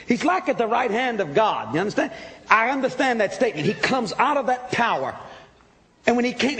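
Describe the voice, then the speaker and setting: A man preaching a testimony sermon, telling his story with excitable emphasis and sudden shouts. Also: very high voice, long reverb tail.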